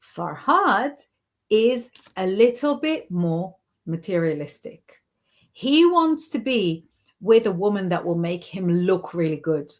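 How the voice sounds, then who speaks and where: An unhurried woman with a mid-range voice chats through a live stream, reading out viewers' comments and offering intuitive readings. Her talk is loose and encouraging, sprinkled with "sort of" and "you know". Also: mid-range voice, sing-song.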